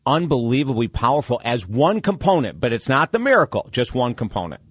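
A man hosting an interview, chatty and laughing easily as he thinks out loud. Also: mid-range voice, very animated, brisk, breathy edge, no room sound, studio quality. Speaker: host.

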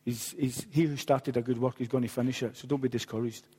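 A man's voice: medium pitch, fairly even intonation, fast, warm tone, husky. A man, preaching a sermon as a pastor and telling a story with humorous asides. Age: late 40s. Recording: long hall reverb.

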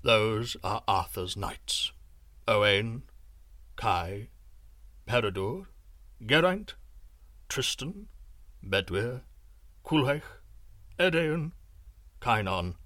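A man voicing a grave old sorcerer, deep. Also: lively intonation, drawn-out words, long pauses, pushed and bright, no room sound, exaggerated voice. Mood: solemn. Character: solemn old male sorcerer.

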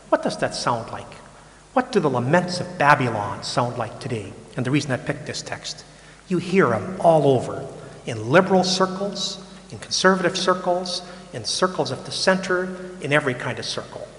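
Older priest preaching in an echoey hall. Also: male voice, mid-range voice, animated, moderate pace, fairly bright tone. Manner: casual, frank, repeats words, mocks complaints. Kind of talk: conversational sermon. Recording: echoey hall with long reverb.

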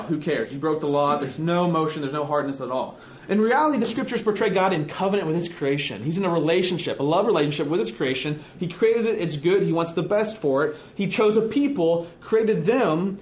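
An earnest man preaching with a fairly high voice, talking his listeners through ideas in a conversational way and often restarting mid-phrase. His voice rings in a roomy, echoey space. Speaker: pastor. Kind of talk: sermon. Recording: echoey room.

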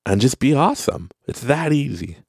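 A man's voice: medium pitch, very animated, normal speed, vocal fry, a little mellow, breathy edge, no echo, studio quality. A man hosting a podcast, talking casually about self-help and laughing at his own rambling stories. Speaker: podcast host.

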